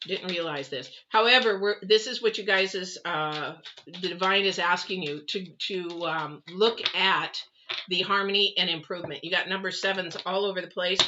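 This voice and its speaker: Middle-aged woman, live tarot reader, rambling chat to viewers, low-pitched, muffled lo-fi audio. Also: normal speed, background noise. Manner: chatty and rambling, addresses viewers directly.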